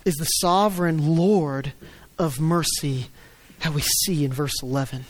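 A man preaching a sermon, swinging between loud emphatic stresses and low quiet asides. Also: measured pace. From United States. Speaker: pastor.

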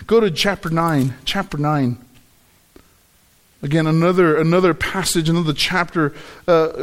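A man preaching a sermon on the Gospel, emphatic, often repeating words and stressing key phrases. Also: on the high side.

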